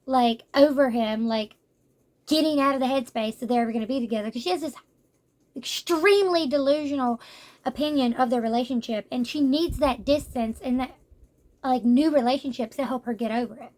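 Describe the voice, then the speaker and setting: A young woman giving a casual, animated manga review, exasperated and slangy. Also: sits high, fairly quick. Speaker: book reviewer.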